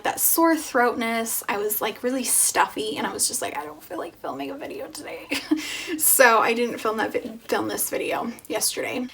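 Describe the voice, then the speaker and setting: Young mom vlogger, chatty, says like a lot, slightly high voice. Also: female voice. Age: young adult. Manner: chatty, frequent "like", soft breathy asides. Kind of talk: casual pregnancy update vlog.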